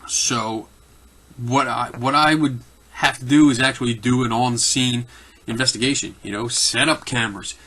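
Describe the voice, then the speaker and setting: A man's voice: mid-range voice, steady tone, moderate pace, pushed and bright. A man with a Philadelphia accent talks casually and off the cuff as a host answering viewer questions, rambling with many fillers and restarts.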